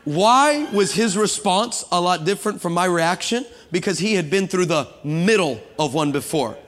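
A man preaching a sermon to a congregation, lively and humorous, building up to shouting passages. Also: sits high, moderate pace. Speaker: guest preacher. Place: church sanctuary with congregation. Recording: long hall reverb.

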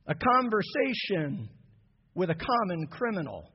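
A man preaching an impassioned sermon to his church, building from soft passages to shouted peaks. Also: high voice, sing-song, a little slow, breathy edge. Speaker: pastor. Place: church sanctuary. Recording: dull lo-fi sound with long hall reverb.

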